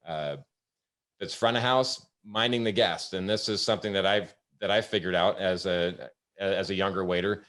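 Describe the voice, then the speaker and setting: Low-voiced man telling work stories. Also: fairly even intonation, a bit bright. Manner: storytelling, halting with many fillers. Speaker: host. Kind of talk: casual webinar talk with anecdotes.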